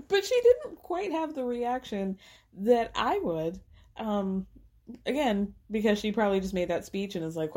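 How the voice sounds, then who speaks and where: A woman's voice: a little high, lively intonation, normal speed, dark tone. Woman host, casual slangy recap voice, playful delivery of quoted dialogue. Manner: chatty, slangy, acts out quotes with laughs. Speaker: podcast host.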